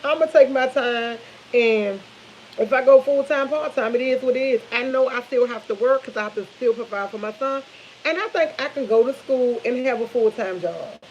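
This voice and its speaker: A woman's voice: fairly high pitch, moderate pace, dull audio, slight background noise. A woman in her fifties chatting casually to viewers from her kitchen while cooking, telling stories with lots of animation. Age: 50s. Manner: chatty, animated storytelling with laughs, addresses viewers as y'all. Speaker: vlogger. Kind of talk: casual chat.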